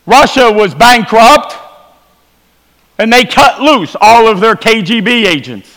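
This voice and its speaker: A man giving a revival sermon testimony, telling his story with quiet low asides and emphatic rises. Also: animated, slow pace. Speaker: preacher. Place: church sanctuary. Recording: long hall reverb.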